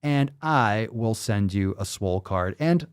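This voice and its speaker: A man hosting a casual live podcast, loud, joking and full of profanity. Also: lowish voice, lively intonation, measured pace, clear, resonant tone. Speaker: podcast host.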